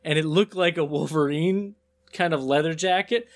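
A man co-hosting a casual comedy podcast, his voice sitting a little high. He rambles through absurd bits with plenty of fillers and keeps breaking into laughter. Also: normal speed. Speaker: podcast co-host.

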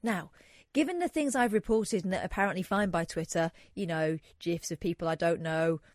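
A woman's voice: fairly low pitch, fairly quick, a little mellow, no room sound, studio quality. A woman co-hosting a radio talk show, chiming in with short reactions and remarks. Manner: brief reactive interjections and chiming in. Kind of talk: casual radio chat.

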